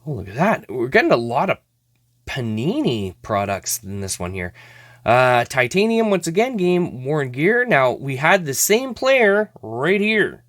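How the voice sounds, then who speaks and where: A man's voice: mid-range voice, very animated, a little slow, a bit bright, no echo, studio quality. A man hosting a hockey card opening show, chatting casually and exclaiming over each card, often laughing at himself.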